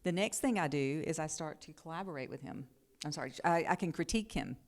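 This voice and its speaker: A woman speaking on a business panel, explaining quickly and acting out examples of how she talks with her husband. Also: deep voice, expressive. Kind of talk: casual panel talk.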